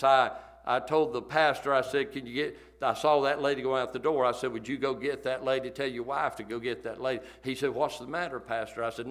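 Man pastor, mid-pitched, folksy and emphatic, telling a sermon story from the pulpit. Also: a bit bright. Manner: folksy, emphatic, repeats himself.

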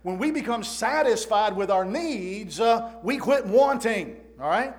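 A high-pitched man delivering a sermon. He builds through repeated emphatic lines, tripping over restarts when he gets going, and keeps asking the congregation for an amen. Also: unhurried. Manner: emphatic, repetitive call-and-response preaching with frequent "amen"; stammers and restarts when excited. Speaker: preacher.

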